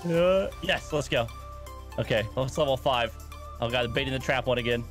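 A man's voice: medium pitch, fairly quick, music in the background. A young man narrating his own video game run aloud, groaning and laughing at his mistakes. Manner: play-by-play self-commentary, groaning and laughing at mistakes. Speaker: gaming co-host. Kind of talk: excited gaming banter.

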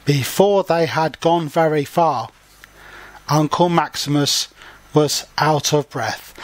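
Slow, patient man reading a picture book. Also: a little high, dry recording. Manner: slow, simple explanations for children. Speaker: storybook reader and language teacher. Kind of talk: reading a picture book aloud with explanations for learners.

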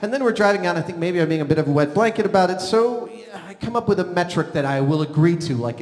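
An animated, excitable man in his forties tells funny stories on a theater stage, his voice sitting high and lively. He swings from loud outbursts to hushed asides. The sound carries a long theater reverb with faint noise behind it. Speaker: stage storyteller. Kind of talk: live comedic storytelling on stage.

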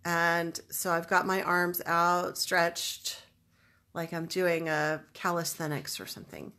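A woman spiritual teacher guiding listeners through a calm energy exercise, speaking slowly and stressing spoken declarations. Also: on the low side. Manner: slow, soothing, emphatic declarations. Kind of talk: guided energy practice instruction. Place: home, livestreamed online event. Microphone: webcam or computer mic.

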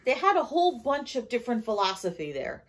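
A woman's voice: a little high, big pitch swings, brisk. A tired woman with a New York accent, rambling through a casual shopping haul vlog with lots of fillers and self-corrections. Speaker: haul vlogger.

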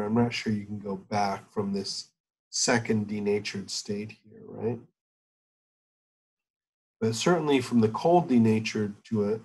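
A man with a low, husky voice teaches a university chemistry class through his computer mic on a video call. He thinks aloud as he goes, stopping often on fillers before he finds the next point. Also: low-quality recording. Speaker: chemistry lecturer.

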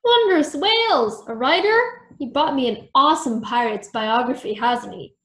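A woman voicing a jolly old male professor rodent who exclaims loudly, recorded in a roomy space. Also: fairly high pitch, normal speed, vocal fry. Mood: jovial. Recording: roomy echo.

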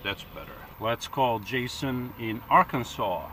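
A man vlogs casually from inside his van, talking close to the phone. His voice is mid-pitched and bright. He rambles and corrects himself as he goes. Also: a little slow, slight background noise. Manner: chatty, rambling, self-correcting. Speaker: van-life vlogger. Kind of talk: casual vlog chat.

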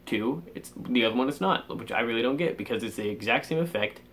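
A man's voice: mid-range voice, expressive, fast talker, a bit bright. A teenage boy ranting angrily in a vlog, swearing constantly and sighing in exasperation. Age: teens. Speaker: vlogger.

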